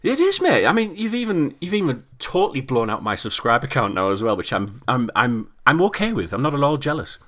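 A chatty British podcast host. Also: male voice, medium pitch, sing-song, brisk, hardly any pauses, a bit bright. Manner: chatty, laughs often, restarts his sentences. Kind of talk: casual chat.

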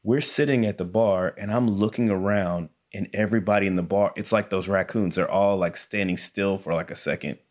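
A young man with a deep, low-pitched voice tells a story to an audience. He keeps it conversational and animated, and he talks straight to his listeners. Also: fairly quick, hardly any pauses.

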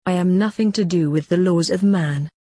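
A woman voicing a tired, resigned man on the run, a father figure, in a husky voice. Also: fairly low pitch, moderate pace, warm tone, no room sound, clean studio sound, natural voice. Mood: weary.

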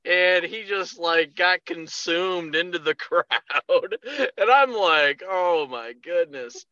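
Animated man telling a story. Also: high-pitched, takes it slowly, dry recording, highs cut off. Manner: animated storyteller, acts out quotes. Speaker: podcast co-host. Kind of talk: casual chat.

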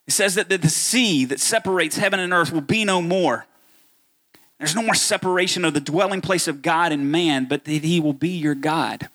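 A man's voice: on the high side, normal speed. A middle-aged male pastor, preaching a sermon and speaking straight to his congregation. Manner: animated preaching, addresses congregation directly.

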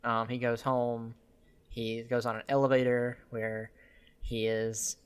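A man's voice: medium pitch, slow pace, smooth. A man co-hosting a casual podcast, recapping a movie scene by scene, often laughing and acting out characters' lines. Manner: animated, laughs often, acts out quoted lines. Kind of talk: casual film recap chat.

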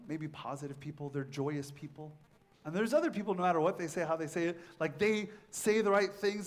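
Conversational priest preaching, slightly high voice. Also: male voice. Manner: conversational, storytelling with varied emphasis. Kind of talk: sermon.

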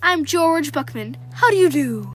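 A woman's voice: sits high, lively intonation, unhurried. A young female reader voicing a cheerful father who keeps introducing himself. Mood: chipper. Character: cheerful, repetitive middle-aged father.

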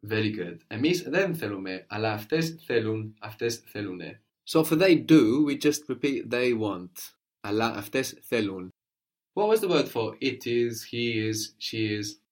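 A man's voice: on the low side, expressive, moderate pace. A man teaching a language lesson, patiently prompting his student with questions and often checking with "no?".

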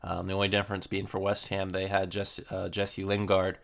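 A young man hosting a casual football podcast, previewing matches in a relaxed way with lots of fillers. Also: sits low, a little fast, vocal fry. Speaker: podcast host.

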